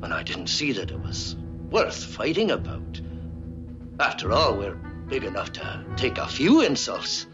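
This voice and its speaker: An actor playing a gruff, loyal middle-aged starship engineer with a Scottish accent, from a played TV clip. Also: male voice, mid-range voice, wildly swooping pitch, measured pace. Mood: sheepish. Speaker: ship's chief engineer. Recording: dull lo-fi TV audio with music.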